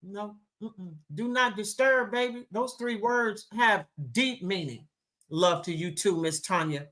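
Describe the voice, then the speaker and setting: Woman, live talk-show host, slow emphatic delivery, affectionate, bright voice. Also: mid-range voice. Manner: affectionate, calls listeners baby and honey.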